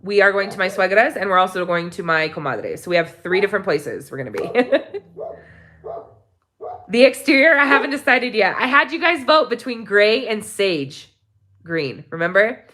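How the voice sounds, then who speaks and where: A woman vlogger living in Mexico, chatting casually and warmly to her viewers, rambling with many ums and restarts. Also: mid-range voice, big pitch swings, normal speed, a little hiss or hum. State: tearful near the end. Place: home in Mexico.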